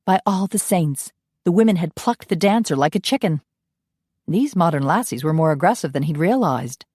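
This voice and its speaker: A woman narrating a romance audiobook in a steady storytelling manner. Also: low voice, a little fast, slightly rough, no echo, studio quality. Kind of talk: scripted narration.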